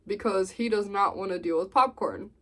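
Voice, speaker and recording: A woman's voice: mid-range voice, normal speed. A young woman vlogger telling a storytime, acting out what people said. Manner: animated storytelling, acts out quotes. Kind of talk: storytime vlog.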